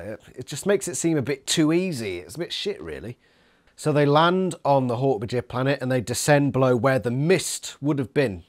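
A man giving a casual, animated book review, reading passages aloud and swearing freely. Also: medium pitch.

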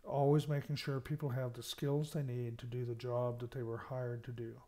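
A man's dark, mid-range voice holds close to one pitch and moves at a moderate pace. He's an American university lecturer in a recorded lecture on management, explaining points, emphasizing key words, and often asking "okay."

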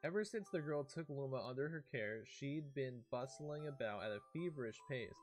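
Lively young man reading a storybook aloud. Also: medium pitch, moderate pace, faint music behind. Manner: lively, breaks off reading to react and chat. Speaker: streamer. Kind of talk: reading a storybook aloud while chatting on a game stream.

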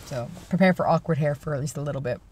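A man's voice: on the high side, fast talker, a little mellow. A young man in his twenties, vlogging casually in a rambling, self-deprecating way. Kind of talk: casual vlog chat.

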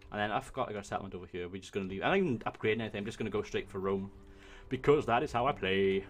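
Excitable swearing man in his twenties. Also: lowish voice, rapid-fire. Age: 20s. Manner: excitable, swearing, chatting to himself. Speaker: let's play host. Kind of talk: live gameplay commentary.

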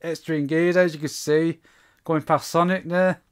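A man's voice: a little high, flat delivery, measured pace, clean tone. A man giving a casual spoken review of a comic book issue, rambling with many fillers and restarts.

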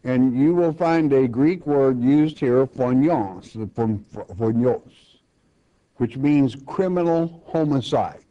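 An older man, teaching a Bible chapter in a homespun, plainspoken way, with halting restarts. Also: medium pitch. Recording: dull lo-fi recording.

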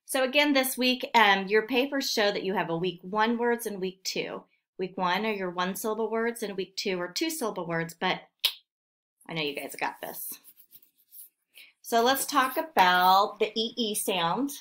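A woman's voice: medium pitch, moderate pace, fairly bright tone. A woman teaching a remote phonics lesson to second graders, patiently sounding out words syllable by syllable.

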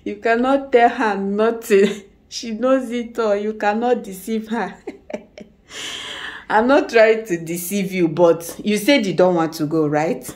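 Slow-talking Nigerian mother, playful and coaxing. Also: medium pitch, darkish tone, rough recording. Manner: coaxing, playful, laughs often. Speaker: family vlogger, mother. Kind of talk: casual home vlog.

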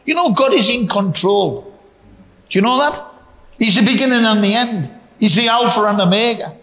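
High-voiced preacher, echoey hall. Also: male voice, normal speed, a bit bright. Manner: repetitive, emphatic, asks the crowd questions. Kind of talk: sermon. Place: church hall.

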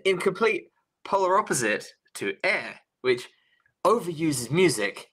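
Bright, animated male podcast co-host. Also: on the high side, unhurried. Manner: animated, laughs often, wry jokes. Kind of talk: casual film review chat.

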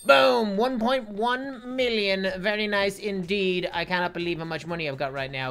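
A woman giving excitable, playful gameplay commentary and talking to her viewers. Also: medium pitch, a little fast, soft background music. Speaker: gaming YouTuber.

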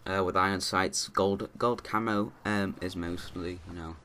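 Man, deep voice, casual gameplay commentary, rambling, slight background hiss. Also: fairly even intonation, a little slow, bright, forceful tone. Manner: rambling, many restarts and fillers.

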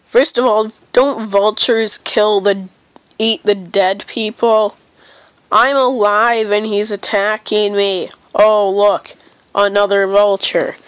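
A woman's voice: mid-range voice, clear, resonant tone, no echo, poor audio. A young woman with a stuffy nose giving silly, rambling commentary while playing a game. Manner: silly, rambling, playfully dramatic. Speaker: gamer. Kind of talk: casual gameplay commentary.

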